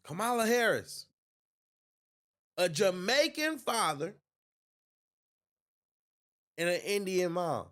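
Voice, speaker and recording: A man hosting a reaction video, talking in a loud, heated and mocking way. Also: high voice, big pitch swings, takes it slowly, long pauses. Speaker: host reacting to a clip. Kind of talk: casual reaction commentary.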